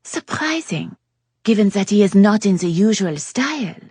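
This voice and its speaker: Worldly flirt with a French lilt, read by a woman narrator, breathy and close-miked. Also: big pitch swings, a little mellow, no room sound. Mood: teasing. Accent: put-on French. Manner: playful, drawn-out, high and lilting.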